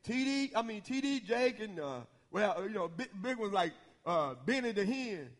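A middle-aged man preaching a sermon, folksy and quick to laugh, often asking the congregation questions. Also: high voice, lively intonation.

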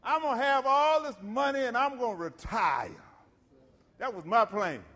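A middle-aged man preaches with emphatic call-and-response. His voice sits high for a man. The sound carries a long reverb from the church hall. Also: animated, normal speed, pushed and bright. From South Carolina. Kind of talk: sermon.

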